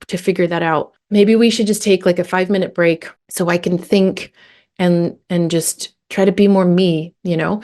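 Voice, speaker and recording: A woman's voice: fairly low pitch, darkish tone. A middle-aged woman coaching a parent in a casual, direct way, acting out what to say to a child. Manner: casual, talks straight to a parent, acts out scripts. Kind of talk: live coaching session.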